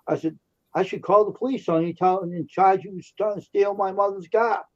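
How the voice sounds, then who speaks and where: Speaking briskly in a high voice, this man comes through with the top frequencies missing. On the livestream he co-hosts, he chats casually, recounting confrontations with indignation and heat.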